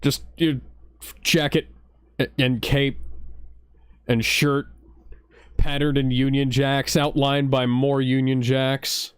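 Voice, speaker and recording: A man's voice: medium pitch, level tone, clear, resonant tone, dry recording. A man co-hosting a watch-along show, riffing casually with crude jokes and asides. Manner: joking, crude, quick asides. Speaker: podcast co-host.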